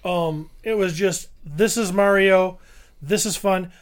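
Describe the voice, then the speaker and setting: A man with a notably high speaking voice co-hosts a loose movie review chat. He rambles, doubling up words while he hunts for the point. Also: slow. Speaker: podcast co-host.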